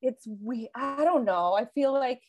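A woman's voice: on the high side, measured pace, background noise. A woman co-hosting a casual chat, telling candid, self-deprecating stories about parenting with plenty of swearing. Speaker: podcast co-host, parent.

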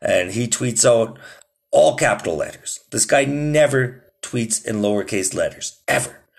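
A man's voice: mid-range voice, lively intonation, measured pace, vocal fry. A man hosting his own podcast in loose, rambling casual chat, swearing a lot and calling listeners "dude". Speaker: podcast host.

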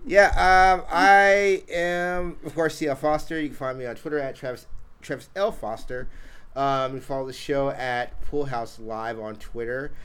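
A man's voice: mid-range voice, steady tone, normal speed, fairly bright tone, clear, resonant tone. A man hosting a podcast in casual chat, rambling with fillers and restarts. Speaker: podcast host.

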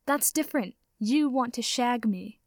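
A woman's voice: fairly high pitch, measured pace, no echo, studio quality, close to an everyday voice. A woman reading the lines of a scornful, defensive young male vampire in a sarcastic, sneering manner.

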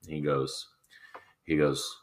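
A man's voice: a bass voice, little pitch movement, slow, a little hiss or hum. A man in his thirties co-hosting a casual chat, telling profane work stories and acting out his coworkers. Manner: profane storytelling, acts out quoted coworkers. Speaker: podcast co-host.

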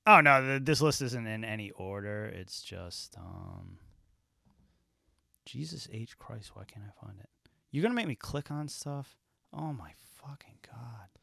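A man hosting a podcast in casual chat, swearing freely and acting out scenes with quick quoted voices. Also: medium pitch, expressive, gravelly, sharp tone, no echo, clean studio sound. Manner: profane, rambling, acts out scenes in quotes. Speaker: podcast host.

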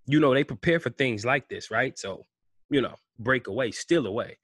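A vlogger gives an impassioned commentary rant at a moderate pace, firing off rhetorical questions and swinging between loud outbursts and low mutters. The studio sound is clean, with no echo.

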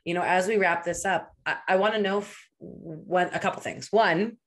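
Low-voiced woman podcast host. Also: normal speed. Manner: warm affirming reactions, reflective. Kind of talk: casual interview talk.

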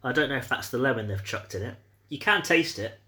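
A man hosting a podcast in relaxed, rambling chat. He has a middling pitch and fills pauses with ums and uhs. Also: background noise. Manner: chatty, with many ums and uhs. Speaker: podcast host. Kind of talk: casual chat.

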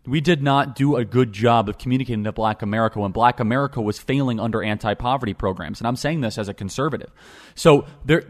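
Young guy hosting a political talk show, talks super fast, really pushy, keeps repeating himself. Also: mid-range voice. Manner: emphatic, repeats phrases for stress. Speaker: podcast host.

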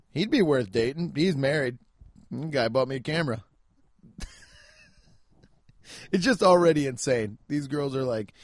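A man's voice: mid-range voice, lively intonation, moderate pace, long pauses, no echo. Rambling, jokey male comedian, dry sound. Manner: rambling, jokey, self-deprecating. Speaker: stand-up comedian hosting a podcast. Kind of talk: casual podcast chat.

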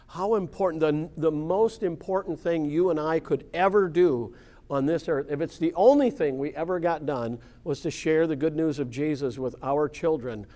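Guy running a bible study, kinda high voice, chatty, keeps going "right?" "yeah". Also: warm tone. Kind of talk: informal Bible class teaching.

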